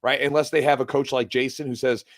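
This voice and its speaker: A male podcast co-host at a middle pitch, talking casually with a friend. He tells stories with energy and acts out the voices of the people in them. The recording is close and dry, with no room echo. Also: fast. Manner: animated storyteller, acts out voices in the story. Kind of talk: casual chat.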